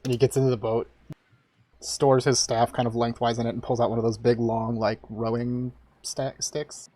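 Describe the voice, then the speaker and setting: A man's voice: medium pitch, flat delivery, moderate pace, mellow. Guy running a d&d game, rambly, lots of likes and restarts. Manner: rambling, many fillers and restarts. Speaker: dungeon master. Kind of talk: narrating a tabletop game.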